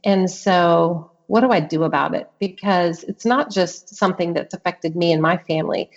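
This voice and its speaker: A woman's voice: on the low side, moderate pace, lo-fi sound. A middle-aged woman, a guest author on an interview podcast, who talks earnestly and leans into emphatic repetitions as she tells vivid stories. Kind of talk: conversational interview.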